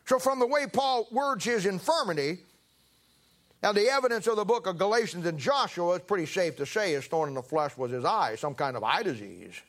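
A man preaching in a loose, folksy way, wandering through a long anecdote before landing the lesson. His voice sits a little higher than most men's. He trips over his words and starts lines again. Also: expressive, fairly quick, fairly bright tone. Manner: folksy, rambling anecdotes with restarts. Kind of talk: sermon with storytelling.

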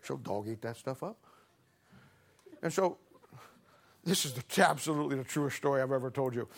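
A middle-aged man with a mid-range voice and vocal fry preaches a sermon at normal speed. Folksy and humorous, he laughs through a homespun anecdote before turning to scripture.

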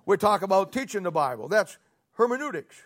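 A man's voice: sits high, sing-song, fairly quick. A male pastor, preaching a folksy, sarcastic sermon full of rhetorical questions to his congregation.

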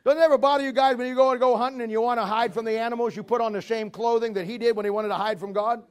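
A man's voice: extremely high pitch, steady tone, racing, clear, resonant tone. A man preaching a humorous sermon, telling stories in a folksy way, laughing at his own jokes and acting out voices.

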